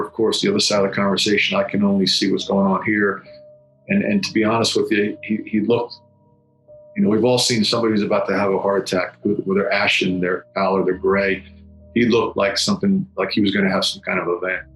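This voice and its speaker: A middle-aged man giving solemn personal testimony, halting and often repeating his words. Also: fairly low pitch, level tone, a bit bright. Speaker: former federal agent recounting a memory. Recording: echoey room with faint music.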